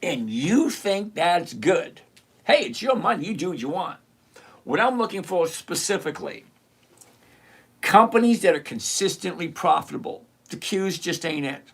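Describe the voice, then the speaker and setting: A middle-aged livestream host in casual commentary who teases a viewer sarcastically, repeats points slowly and mutters while hunting around the screen. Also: medium pitch, very animated, creaky, a bit bright, breathy edge. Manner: teasing, sarcastic, talks straight to a viewer.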